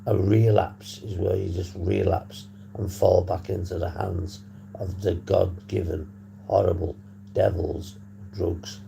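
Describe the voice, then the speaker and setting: A man from the UK hosting a casual recovery livestream, husky from a long phone call, rambling and swearing casually to his chat. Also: low voice, level tone, slow, a little hiss or hum. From United Kingdom. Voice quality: gravelly, dark voice. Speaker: livestream host on addiction recovery. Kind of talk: casual live-stream chat to viewers.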